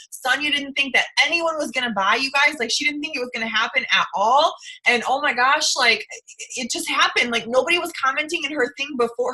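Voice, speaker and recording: A woman's voice: sits high, sharp tone, rough recording. A tearful woman leading her sales team call, gushing and effusive with lots of "like" and "you guys". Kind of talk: gushing motivational talk.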